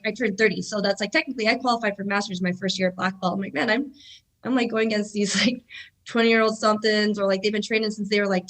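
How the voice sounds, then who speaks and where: Chatty woman in her thirties. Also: on the high side. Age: 30s. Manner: animated storyteller, many fillers like "like". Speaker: guest, jiu-jitsu black belt and instructor. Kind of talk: casual podcast conversation.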